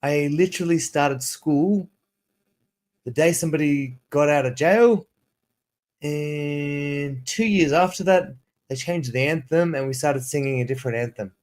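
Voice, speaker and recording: A man's voice: a little high, measured pace, darkish tone. Male teacher, 30s, raised voice, loose rambling livestream chat. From South Africa. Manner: rambling, restarts sentences, reads prompts aloud. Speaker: ESL teacher and streamer.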